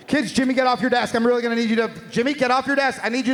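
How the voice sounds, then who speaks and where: Man, stand-up comedian, very high voice, profane, shouting rants, live stage, faint background noise. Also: fairly even intonation, quick pace, some chatter behind.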